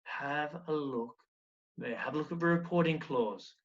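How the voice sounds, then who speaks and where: Guy teaching kids over a video lesson, bit higher voice, encouraging, kinda muffled lo-fi audio. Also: a little slow. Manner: encouraging, explains step by step with questions. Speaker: primary school teacher. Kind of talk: recorded remote lesson.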